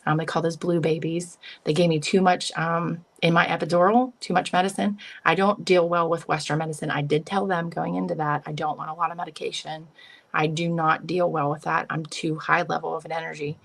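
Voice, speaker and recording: A woman's voice: sits low, level tone, brisk, creaky. A woman, a psychic medium, earnestly telling an emotional personal story as an interview guest, often quoting her own thoughts. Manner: earnest and emotional, retelling with self-quotes.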